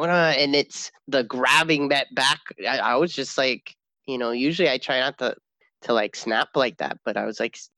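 Chatty gravelly-voiced dad, rambling. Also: male voice, mid-range voice, moderate pace, no echo. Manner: rambling, animated, laughs often, acts out his daughter's lines. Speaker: father, co-host. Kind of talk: casual podcast chat.

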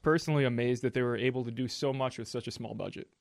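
A man's voice: mid-range voice, fairly even intonation, fast talker, vocal fry, no room sound. A man co-hosting a podcast, tossing dry sardonic quips in casual chat. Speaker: podcast co-host.

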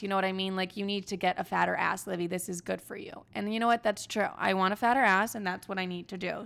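Gravelly-voiced young woman, candid podcast chat. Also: mid-range voice, a bit bright. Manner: candid, swearing, dramatic storytelling. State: hungover. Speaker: podcast host. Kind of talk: casual chat.

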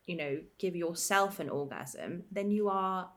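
A woman's voice: fairly low pitch, unhurried, fairly bright tone. Earnest woman podcast co-host. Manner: earnest and encouraging. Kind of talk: frank casual podcast chat.

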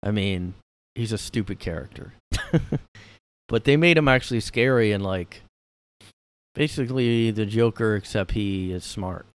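A man's voice: lowish voice, a little slow, clean tone. A man hosting a casual solo podcast from his room, rambling and sarcastic, with lots of fillers and the odd swear. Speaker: podcast host.

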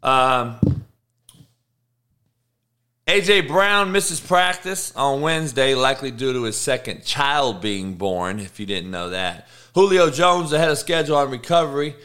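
A man's voice: mid-range voice, animated, unhurried, bright, forceful tone. A man hosting a sports betting show, reading injury news in a casual, offhand way with frequent swearing. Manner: profane, offhand, reads news aloud.

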